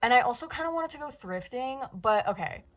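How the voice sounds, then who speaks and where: Talking straight to camera, a young woman in her late teens vlogs casually about books, rambling anxiously and cursing a lot. She sounds a little high, animated and fairly quick.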